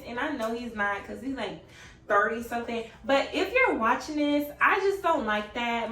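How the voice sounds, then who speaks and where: A woman's voice: fairly high pitch, a bit bright, recorded from a distance. A young woman vlogger telling a casual storytime, chatty and swearing, who often laughs and raises her voice to quote people. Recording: echoey room, away from the mic.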